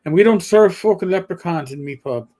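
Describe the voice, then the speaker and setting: A man voicing a blunt, profane Irish woman bartender with a gruff Irish brogue. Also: high-pitched, expressive, a little fast, dark tone. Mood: scolding.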